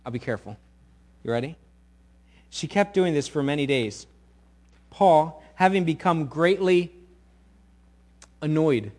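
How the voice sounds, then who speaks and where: A middle-aged male pastor preaching a sermon, animated and sometimes acting out quoted voices loudly. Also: a little high, measured pace, long pauses.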